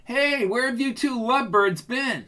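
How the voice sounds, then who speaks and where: A man narrating an audiobook, putting on a bright, chirpy voice for a teasing, free-spirited young woman. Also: very high-pitched, measured pace, pitched above the performer's own voice, full character voice.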